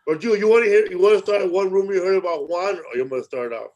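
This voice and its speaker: Teasing male podcast host, slightly high. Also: fast talker, crowd noise, rough recording. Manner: joking, teasing interviewer. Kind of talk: casual podcast chat.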